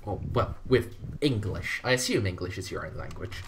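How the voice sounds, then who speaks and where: A man running a tabletop horror game as game master, narrating slowly and hesitantly with many ums. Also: low-pitched, expressive, gravelly. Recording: noisy with keyboard clicks.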